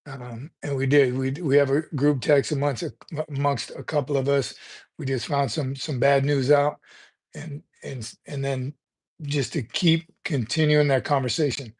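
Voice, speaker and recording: A man's voice: medium pitch, steady tone, normal speed, a little mellow. Rambling retired military man chatting live. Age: older. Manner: rambling, conversational, repeats words while thinking. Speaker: livestream host. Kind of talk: casual livestream chat.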